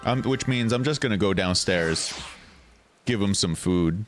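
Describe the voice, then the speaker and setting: A man's voice: fairly low pitch, measured pace, faint music behind. Wry young man streaming a game. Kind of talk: casual game commentary.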